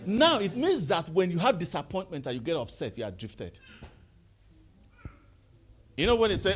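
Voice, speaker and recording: A man giving a lively motivational talk to a live audience, calling out questions and having the crowd answer. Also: normal speed, long pauses. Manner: call-and-response, rising to high exclaims. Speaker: motivational speaker.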